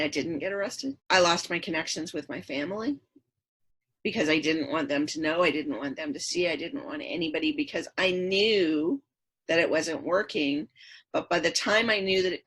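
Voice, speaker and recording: Middle aged woman on a podcast, breathy low voice, earnest repeating storyteller. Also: fairly bright tone. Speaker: podcast guest. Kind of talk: personal story in interview.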